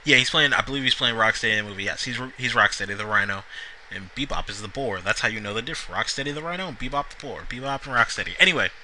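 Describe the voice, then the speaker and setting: A man's voice: mid-range voice, animated, rapid-fire, pushed and bright, slight background noise, rough recording. A man reviewing a wrestling show in a casual, rambling solo vlog, full of asides and restarts. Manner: rambling, lots of fillers and restarts.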